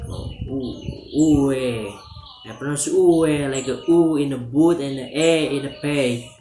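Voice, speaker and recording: A student presenting a class assignment, reading lecture notes aloud in a halting, hesitant way, with fillers and self-corrections. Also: medium pitch, dark tone. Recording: roomy echo with music underneath.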